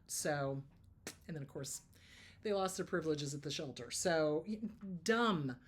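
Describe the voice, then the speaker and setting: A middle-aged woman therapist hosts an advice show in a deep voice at normal speed. She talks casually and emphatically, telling lively stories with laughs and acting out mock quotes.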